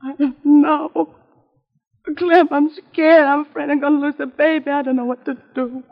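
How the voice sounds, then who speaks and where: A frightened young pregnant wife, played by an actress, pleads in a high, trembling voice. The 1950s radio play sounds dull and lo-fi. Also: female voice, unhurried. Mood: scared. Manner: tremulous, pleading. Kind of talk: 1950s radio drama acting.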